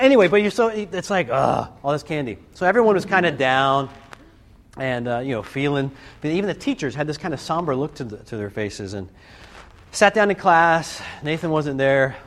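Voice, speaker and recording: Man, storytelling talk, animated, acts out scenes, slightly high voice, faint background noise. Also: normal speed. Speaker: speaker addressing students. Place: live talk to a group.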